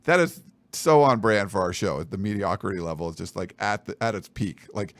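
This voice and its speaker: A man co-hosts a sports podcast, joking and rambling through plugs and sponsor reads while teasing his co-host. His voice is fairly low, brisk and a bit bright, with no echo.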